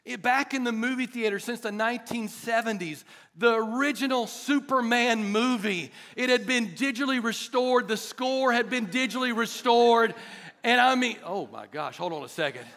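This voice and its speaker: Male pastor, middle-aged, high bright tone, animated chatty sermon delivery. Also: gravelly. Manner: animated, chatty, jokes with the congregation. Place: church hall.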